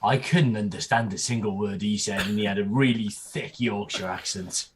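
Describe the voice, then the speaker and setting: A man's voice: lowish voice, moderate pace, a little hiss or hum. A man with a Welsh accent hosting a casual livestream chat in an easygoing, matter-of-fact way. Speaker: host.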